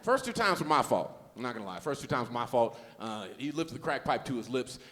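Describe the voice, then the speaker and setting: A man's voice: medium pitch, very animated, a little fast, fairly bright tone, long reverb tail, slight background noise. A man from Los Angeles doing a stand-up comedy set on a festival stage, with loose, slangy, self-mocking storytelling. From Los Angeles, USA.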